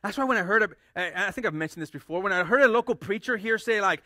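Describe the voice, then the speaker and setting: High, bright-voiced preaching man. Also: lively intonation, quick pace, dry recording, clean studio sound. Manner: emphatic, repeats key phrases for stress; frequent restarts and repeated words. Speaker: pastor. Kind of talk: sermon.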